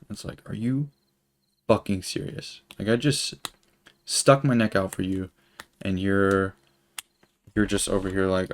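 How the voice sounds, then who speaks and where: Deep and gravelly, his voice holds a steady tone at a moderate pace, broken by long pauses. The young man, in his twenties, rambles through a long story while streaming a game, cursing and using lots of fillers, with slight background noise.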